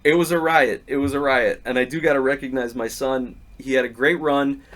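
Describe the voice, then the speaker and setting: A middle-aged man hosting a podcast, slightly hoarse, telling stories casually and acting out what people said before recapping a match. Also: medium pitch, fairly quick. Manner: lively storyteller who acts out the quotes. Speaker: podcast host.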